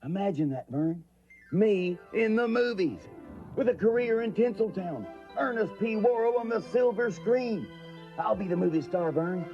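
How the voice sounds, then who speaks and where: A man voicing a goofy, excitable adult bumpkin in a cartoon, eager and boastful with a rubbery, twangy delivery. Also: sits high, moderate pace, highs cut off, faint music behind. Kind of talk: cartoon voice acting.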